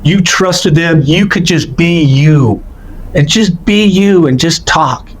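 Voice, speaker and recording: A man giving earnest testimony in a slow, reverent, emphatic way. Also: on the high side, slight background noise. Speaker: near-death experience witness.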